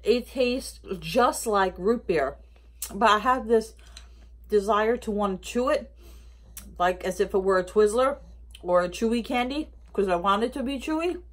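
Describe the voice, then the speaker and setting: A woman's voice: mid-range voice, unhurried. Chatty woman vlogger reviewing a haul. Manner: chatty, rambling, thinking aloud; talks with mouth full of candy. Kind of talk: casual product review.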